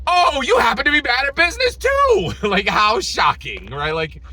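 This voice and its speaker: A man hosting his own channel, ranting with an exasperated, sarcastic edge. His voice sits high and swings widely up and down. The tone is bright and a little husky. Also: wildly swooping pitch, moderate pace. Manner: exasperated, sarcastic, laughs between lines. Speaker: channel host. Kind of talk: ranting commentary.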